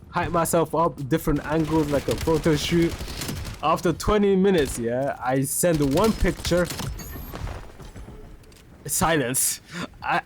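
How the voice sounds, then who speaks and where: A man's voice: on the high side, a little hiss or hum. A young man streaming a game and casually telling a story, full of slang, who breaks off now and then to react to the game. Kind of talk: casual storytelling over gameplay. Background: game music and gunfire.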